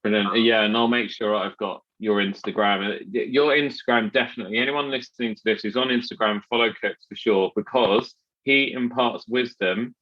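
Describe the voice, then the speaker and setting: A man's voice: fairly low pitch, steady tone, moderate pace, a bit bright, highs cut off. Chatty man hosting a podcast. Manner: chatty, rambling with many restarts and fillers. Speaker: podcast host. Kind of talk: casual podcast chat.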